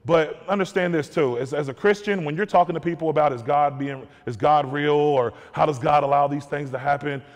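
A man's voice: fairly high pitch, fairly quick, few pauses. A man giving a candid personal testimony to an audience, earnest and repeating words as he searches for them. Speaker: guest speaker. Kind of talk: testimony talk. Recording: long hall reverb.

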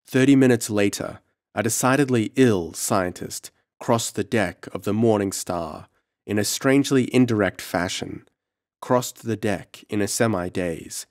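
Low-voiced guy reading a creepy audiobook, slow and dramatic, dry close mic. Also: a little mellow, no room sound. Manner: measured, dramatic horror reading. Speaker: audiobook narrator. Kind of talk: scripted narration.

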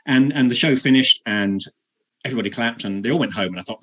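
Husky actor telling a story. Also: male voice, medium pitch, a bit bright. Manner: halting, repeats words, self-mocking, laughs often. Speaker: actor, interview guest. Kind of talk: anecdotal interview.

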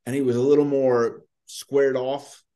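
A man's voice: mid-range voice, level tone, unhurried, warm tone. An American man hosting a podcast, asking loose, rambling questions in a casual chat. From United States. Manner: easygoing, asks rambling questions. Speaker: podcast host.

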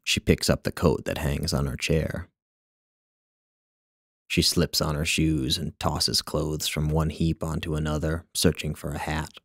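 A man narrating his own literary short story in a measured, wry way. His voice is extremely deep and gravelly with plenty of fry. The recording is close and completely dry, with no room sound at all. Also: level tone, fairly bright tone, dry recording.

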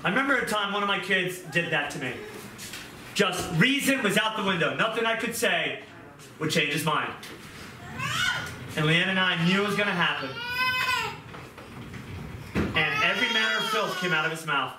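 Impassioned high-voiced preacher in echoey room. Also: male voice, animated, normal speed, long pauses. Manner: impassioned, swings from loud pleading to hushed, tearful moments. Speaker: pastor. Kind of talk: sermon. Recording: echoey room, mic at a distance, audible background noise.

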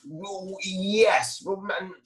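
A man's voice: high voice, very slow, a crowd in the background. Rambling, swearing man on a podcast. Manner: rambling, restarts a lot, swears freely. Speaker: podcast guest, comedian. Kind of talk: casual podcast chat.

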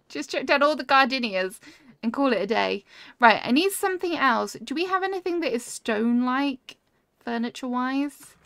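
On the high side and fairly bright, this streamer's voice comes through in studio quality with no room sound. She plays a cozy building game, reads chat aloud, and gushes with easy delight over what viewers have built in casual livestream talk.

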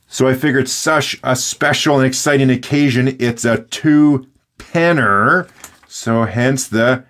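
A man's voice: medium pitch, takes it slowly, a bit bright. A man from British Columbia, hosting a casual, rambling unboxing vlog in a playful, jokey way. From British Columbia, Canada. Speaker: fountain pen channel host.

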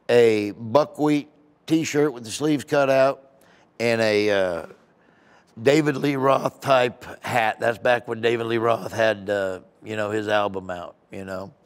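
A man, a comedian being interviewed, telling casual rambling anecdotes in an animated way. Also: mid-range voice. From United States. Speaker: comedian guest.

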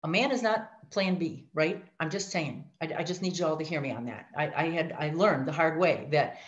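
A middle-aged woman sharing her life story, animated, acting out voices and speaking asides to her listeners. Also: deep voice, moderate pace. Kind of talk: personal testimony talk. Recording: dull lo-fi audio.

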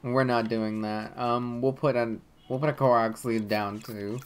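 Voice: medium pitch, fairly even intonation, a little slow, a little hiss or hum. A let's play gamer giving casual gameplay commentary, swearing often and muttering irritably at the game.

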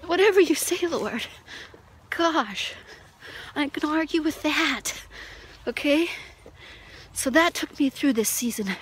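A woman with a fairly high voice gives an emotional personal testimony at an unhurried pace. She often breaks into soft laughter and drops into whispers. The recording has a noisy background ambience. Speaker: Christian testimony speaker.

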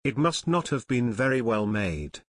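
A man voicing an earnest teenage boy detective who talks in a calm, measured way. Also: medium pitch, no echo, studio quality.

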